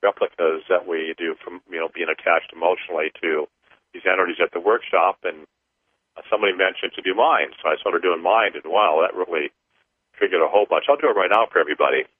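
A man co-hosting a paranormal talk show, speaking haltingly with many fillers and restarts, then slowly leading listeners through a counting exercise. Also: deep voice, steady tone, breathy edge. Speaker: radio show co-host. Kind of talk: casual paranormal talk and guided counting session. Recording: tinny phone-line sound, dry.

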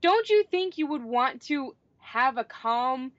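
A woman's voice: high voice, animated, takes it slowly, fairly bright tone, no echo. A woman co-hosting a casual chat about a TV episode, blunt and critical, swearing now and then. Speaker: podcast co-host. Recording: dull lo-fi sound.

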